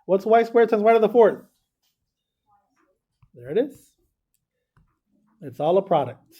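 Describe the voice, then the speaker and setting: A man's voice: sits high, expressive, measured pace, highs cut off. A man teaching a math class, talking through arithmetic step by step and checking in with students. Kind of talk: classroom lesson.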